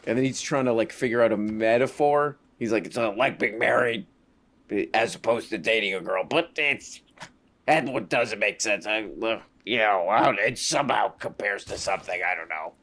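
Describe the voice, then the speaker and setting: A man's voice: on the low side, moderate pace, fairly bright tone. A man doing casual live-stream commentary over clips, sarcastic and rambling, with a mocking tone.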